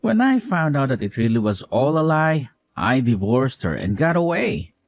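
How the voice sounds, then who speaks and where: A man's voice: medium pitch, very animated, moderate pace, no echo. A man playing a young cheating ex-fiancé who pleads and whines to get back together, in a narrated story drama. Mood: self-pitying. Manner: begging, whiny.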